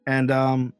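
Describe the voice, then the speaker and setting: A man narrating as game master of a tabletop game. He describes scenes haltingly, with many restarts. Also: mid-range voice, clear, resonant tone, no echo. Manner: halting, full of fillers and restarts.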